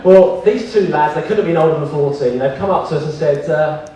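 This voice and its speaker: A man's voice: a little high, quick pace, dark tone, recorded from a distance. Joking man in an echoey hall. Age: 30s. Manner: joking, self-mocking storyteller. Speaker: guest speaker. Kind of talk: comic business seminar talk. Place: large hall with an audience. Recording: echoey hall, picked up from afar, with noise.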